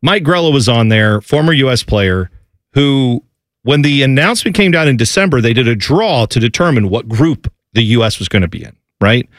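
Animated male sports radio host. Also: medium pitch, moderate pace, no room sound, studio quality. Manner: animated, rambling, jokey. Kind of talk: casual sports chat.

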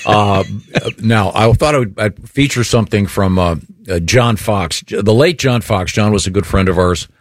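A man's voice: lowish voice, moderate pace, few pauses, no echo, studio quality. A male talk show host chatting casually, rambling and laughing often.

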